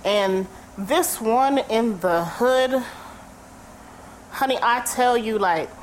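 A woman from the Bronx telling stories in casual podcast chat, animated and quick to curse. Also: fairly high pitch, slight background noise, rough recording. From Bronx, New York. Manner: animated storyteller, profane.

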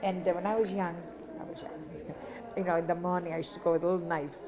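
A woman's voice: on the low side, fast talker. Older woman, rambling reminiscences. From Italy. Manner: rambling, repetitive, animated storytelling. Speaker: interviewee. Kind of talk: casual reminiscing. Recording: crowd chatter behind.

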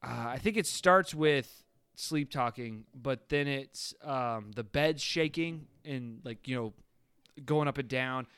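A man's voice: medium pitch, slow, fairly bright tone, smooth, no room sound, clean studio sound. A man casually reviewing a horror movie with friends, rambling and laughing as he acts out quotes. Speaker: podcast co-host.

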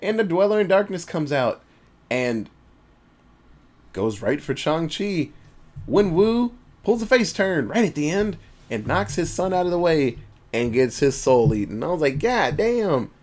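A man's voice: on the high side, a little slow. A man on a podcast casually recapping a movie, cursing freely and acting out the characters' lines. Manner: animated, profane storytelling with acted-out voices. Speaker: podcast co-host.

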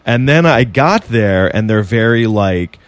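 A man's voice: lowish voice, lively intonation, measured pace, no room sound. A man telling a long story in casual podcast chat, rambling and full of fillers and swearing.

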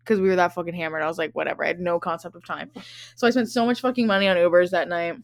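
A woman's voice: lowish voice, rapid-fire, vocal fry. A young woman in her twenties hosting a podcast, telling a rambling, profane story in casual chat and laughing often. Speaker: podcast host.

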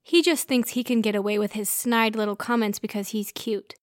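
A woman's voice: medium pitch, steady tone, fairly quick, no echo, studio quality, lightly acted. A woman doing a teasing young coworker. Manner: playful, teasing.

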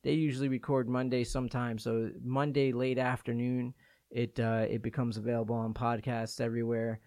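A man's voice: mid-range voice, little pitch movement, moderate pace, a little mellow, dry recording. A man hosting a podcast in casual chat, easygoing and asking his co-hosts questions. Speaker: podcast host.

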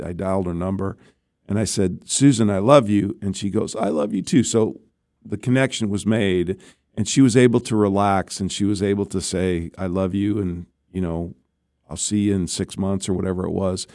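A former astronaut, his pitch fairly low and a little mellow, tells interview stories in a conversational way. He frequently checks in with the listener, saying "right?". The recording is dry and has clean studio sound.

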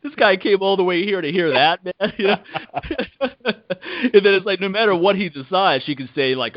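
A man's voice: sits high, moderate pace, no echo. Dry-sounding male podcast host. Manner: animated storyteller, mimics people. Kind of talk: casual podcast chat. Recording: dry, dull lo-fi recording.

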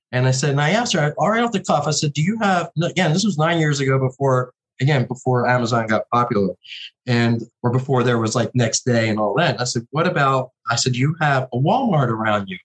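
The founder of a veterans' charity fund tells a story conversationally, acting out the people he quotes and voicing callers in a raised, animated way. His voice is mid-range and a little fast, and the audio quality is poor.

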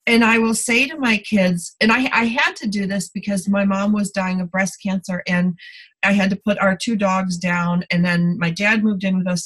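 A woman's voice: mid-range voice, fairly bright tone, poor audio. Candid middle-aged woman telling stories. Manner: candid storytelling, many fillers and restarts. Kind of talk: podcast conversation.

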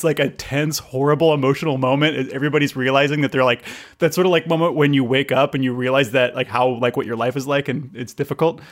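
A man co-hosting a casual podcast, rambling with lots of fillers and laughing often. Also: a little high. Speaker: podcast co-host. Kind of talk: casual chat.

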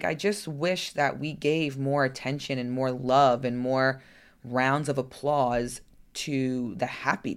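A woman coach talking candidly in a personal vlog, frank and chatty, now and then cursing and asking rhetorical "right?" questions. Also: extremely low pitch. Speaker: lifestyle coach.

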